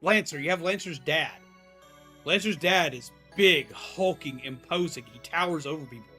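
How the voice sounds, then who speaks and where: A male streamer chatting casually on a live stream, animated and swearing freely. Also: on the high side, moderate pace, soft background music.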